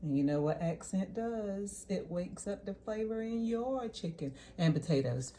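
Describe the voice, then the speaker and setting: A woman, chatting casually as she cooks in her home kitchen and thinking out loud. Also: mid-range voice, lively intonation, a little slow. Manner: chatty, thinks aloud, drops to a mutter while working. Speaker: home cook vlogger. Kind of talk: casual cooking vlog chat. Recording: noisy kitchen with clattering dishes. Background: clinking dishes and cutlery.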